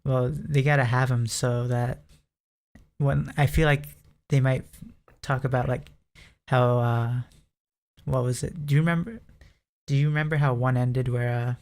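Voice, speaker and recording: Smooth, even-voiced man whose voice cracks. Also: medium pitch, measured pace, pauses often. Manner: voice prone to cracking. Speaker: podcast co-host. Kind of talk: casual chat about video games.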